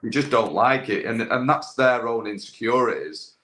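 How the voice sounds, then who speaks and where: A man's voice: medium pitch, lively intonation, moderate pace, a bit bright. A young man chatting casually as a podcast guest, rambling with lots of fillers and restarts. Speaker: guest, landscaping business owner with a social media following. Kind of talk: casual chat.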